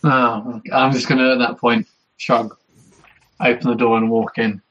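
A man's voice: medium pitch, flat delivery, normal speed, a bit bright. A man playing a tabletop game, chatting through his character's actions step by step. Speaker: player. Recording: dull lo-fi mic.

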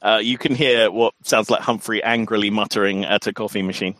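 A man's voice: fairly low pitch, steady tone, fairly quick, fairly bright tone, no room sound. A man narrating a tabletop horror game as game master, in a loose, filler-heavy way.

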